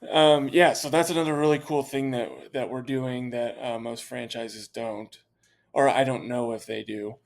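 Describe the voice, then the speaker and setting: In a candid podcast interview, a man describes the franchise he owns, speaking at a measured pace in a medium-pitched, steady voice. His manner is confident and conversational, though he uses lots of fillers and restarts.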